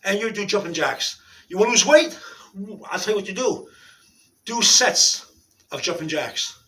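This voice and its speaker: A man demonstrating an exercise while out of breath, giving halting, repetitive instructions and often checking in with "okay?" in an indoor room. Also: high-pitched, lively intonation, sharp tone, distant mic. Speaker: exercise video maker.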